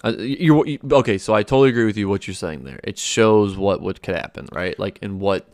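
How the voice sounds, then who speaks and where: A man co-hosting a podcast in casual chat, agreeable and quick to affirm his partner. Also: on the low side, darkish tone, no echo, clean studio sound. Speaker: podcast co-host.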